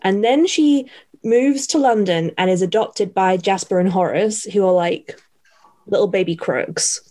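A woman with a mid-range voice talks through a story in a relaxed podcast chat. She sounds wry and playful, and she likes cheeky word choices. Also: mid-range voice, a little slow. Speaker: podcast co-host. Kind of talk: casual chat.

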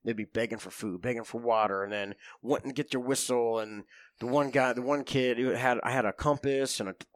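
A man's voice: mid-range voice, fairly even intonation, a little fast, no echo, clean studio sound. A man casually telling military stories, profane and laughing as he acts out what people said. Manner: profane, laughing storyteller who acts out quotes. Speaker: podcast guest, former Marine. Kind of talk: casual storytelling chat.

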